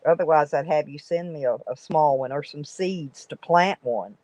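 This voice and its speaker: Her voice is low and a little mellow, moving at a normal speed, as she hosts a live stream and chats loosely with viewers, reading their comments. She's American. The recording is dry, dull, lo-fi stream audio.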